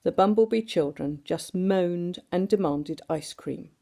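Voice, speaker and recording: A woman reading a storybook aloud to children in an animated way, doing sound effects and asking the listeners questions. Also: on the low side, a little slow, vocal fry.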